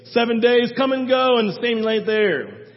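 A man preaching a sermon as a pastor, storytelling in an animated way, acting out biblical figures and swinging between loud and soft. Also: very high-pitched, moderate pace. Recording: muffled sound with long hall reverb.

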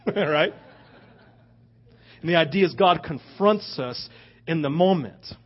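A man preaching a sermon, switching between loud rhetorical questions and hushed asides. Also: on the high side, slow pace. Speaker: pastor. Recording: dull lo-fi recording.

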